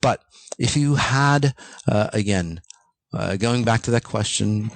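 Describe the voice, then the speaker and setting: A man's voice: lowish voice, a little slow, dry recording. A man hosting his own show, speaking straight to his listeners in an intense, ranting monologue, swearing bluntly and checking in often with "okay?" and "you know". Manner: frequent fillers and tag questions. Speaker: podcast host. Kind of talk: motivational monologue.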